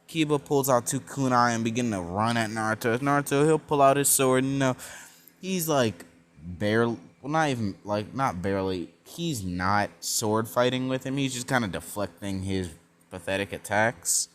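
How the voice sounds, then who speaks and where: A young man casually narrating a fan-made story, rambling with many fillers and self-corrections. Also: medium pitch.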